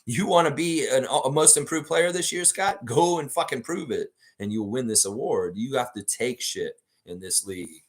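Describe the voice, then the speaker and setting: Blunt, rambling man. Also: lowish voice. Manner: blunt, profane, rambling, reads chat comments aloud. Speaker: sports fan show host. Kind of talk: live-stream basketball chat.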